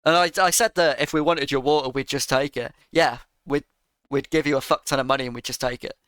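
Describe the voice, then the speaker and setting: Bright, crisp-voiced sarcastic man. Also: medium pitch, steady tone, brisk, no room sound. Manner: sarcastic, exasperated, swearing. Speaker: video creator. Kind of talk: reaction rant.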